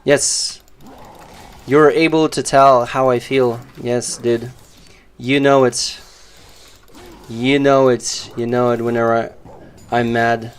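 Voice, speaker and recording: A man's voice: medium pitch, level tone, takes it slowly, pauses often, clear, resonant tone. Sarcastic rambling male streamer. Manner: sarcastic, rambling with many fillers. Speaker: game streamer. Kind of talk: casual live-stream chat.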